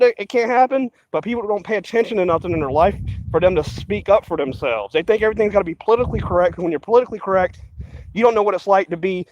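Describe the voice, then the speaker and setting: High-voiced man ranting with heavy cursing. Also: dry recording, rough recording. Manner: profane, agitated, repetitive. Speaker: vlogger. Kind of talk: rambling ranting monologue.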